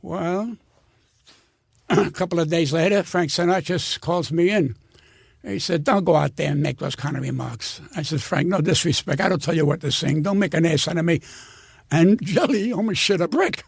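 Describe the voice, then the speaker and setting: A man's voice: on the high side, normal speed, creaky, husky, dry recording, studio quality. An older man, a comedian, telling blunt, profane stories in an interview with heated conviction. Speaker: guest comedian. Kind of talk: storytelling interview.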